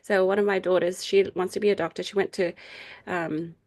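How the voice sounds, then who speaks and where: A woman's voice: flat delivery, a little fast, a little mellow. A middle-aged woman teaches her group over a video call in a loose, conversational way. She laughs easily and lifts her voice when she acts out quoted people. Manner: chatty, laughs often, acts out quoted voices in a higher pitch. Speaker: faith group meeting leader. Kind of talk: casual teaching talk.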